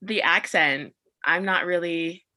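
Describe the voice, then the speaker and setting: A young woman co-hosting a podcast in casual chat, talking fast and laughing often. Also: on the low side, sharp tone. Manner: chatty, laughs often, quick asides. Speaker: podcast co-host.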